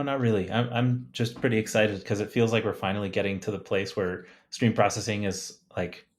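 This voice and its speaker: A man, a guest engineer on a podcast, talking about his work with enthusiasm and frequent restarts. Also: lowish voice. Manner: enthusiastic, fillers and restarts, light laughs. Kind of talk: casual technical chat.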